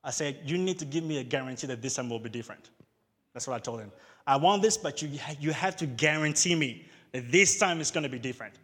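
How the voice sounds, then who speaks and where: A man preaching a sermon at a youth service, moving between hushed storytelling and loud exhortation. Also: mid-range voice, fast talker, in a large hall.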